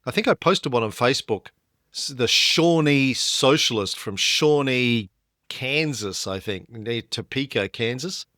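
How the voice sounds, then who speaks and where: A man's voice: unhurried, no room sound. A man co-hosting a history podcast, his mid-range voice jumping up when he leans into a point. The sound is dry and close, with no room around it. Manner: lively storytelling, rises in pitch when emphatic. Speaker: podcast co-host.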